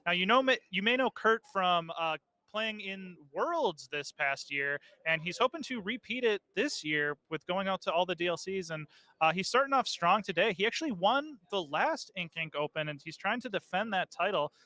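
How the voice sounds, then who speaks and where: A man's voice: sits high, expressive, normal speed, sharp tone. A man interviewing a player after a match at a card game tournament, upbeat.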